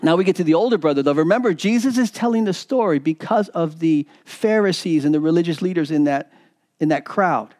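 High-voiced man preaching a sermon. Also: brisk, a little mellow. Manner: preaching with repetitions, acting out quoted voices. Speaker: pastor.

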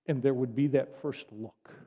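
A man delivering a sermon in an animated, conversational storytelling way with frequent asides. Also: mid-range voice, normal speed. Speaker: preacher. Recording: dull lo-fi audio with long hall reverb.

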